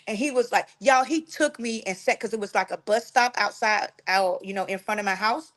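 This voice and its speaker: A woman, telling a personal story to her followers in an animated, frank way, full of slang and cursing. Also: medium pitch, fairly quick, few pauses.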